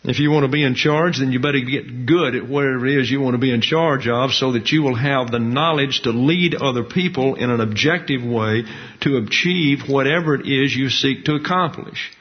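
A man, preaching a sermon in a measured, folksy teaching manner with colloquial asides. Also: mid-range voice. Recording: dull lo-fi recording.

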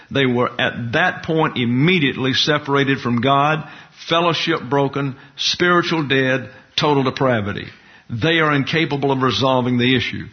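A man gives a Bible lesson in a methodical, explanatory way, walking through words letter by letter. His voice sits at an ordinary middle pitch. The recording is dull and lo-fi. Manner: methodical, spells out Hebrew letters. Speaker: Bible teacher. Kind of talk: Bible class lecture at a board.

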